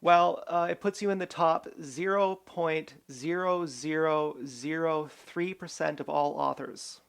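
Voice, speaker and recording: Gravelly man ranting in a rambling vlog. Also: on the high side, fairly even intonation, unhurried. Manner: rambling and irreverent, swears often. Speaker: vlogger. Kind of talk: rambling personal monologue.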